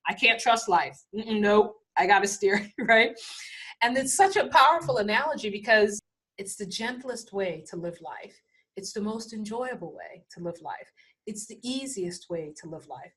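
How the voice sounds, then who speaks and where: A middle-aged woman, a spiritual teacher, telling a story in a casual, animated way, laughing often and acting out other voices. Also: medium pitch, normal speed, husky.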